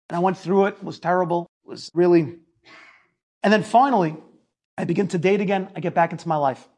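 A man giving a lecture, telling a personal story in an emphatic way that builds to near shouting. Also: high voice, brisk. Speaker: speaker telling his story.

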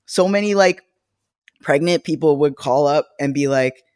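A woman with a low voice chats loosely on a podcast, stringing thoughts together with plenty of fillers. She slips into little acted-out voices to tell her stories. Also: moderate pace, a little mellow. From United States. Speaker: podcast co-host. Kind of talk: casual podcast chat.

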